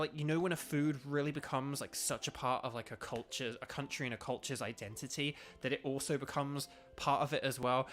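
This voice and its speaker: A young man from the United Kingdom, a streamer and voice actor, rambles through casual chat on a video game stream, using lots of fillers. His mid-range voice has a slightly bright quality.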